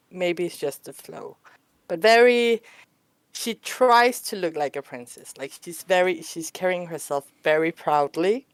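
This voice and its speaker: A woman's voice: lowish voice, clean tone, dry recording. A woman describing her character in a tabletop game, rambling with many "like"s. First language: Danish. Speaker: player.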